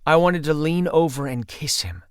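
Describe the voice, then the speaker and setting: A man's voice: on the high side, normal speed, clear, resonant tone, no room sound. Man reading an audiobook, dry close sound. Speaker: audiobook narrator. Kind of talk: first-person audiobook narration.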